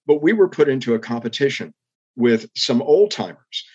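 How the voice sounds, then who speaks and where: An older man recounting his career in an interview, his voice a little husky at mid pitch. He speaks earnestly and reflectively, lifting into emphatic rises. The recording sounds slightly muffled and lo-fi. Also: lively intonation, normal speed, darkish tone. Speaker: interview guest, former public TV executive. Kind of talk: storytelling interview.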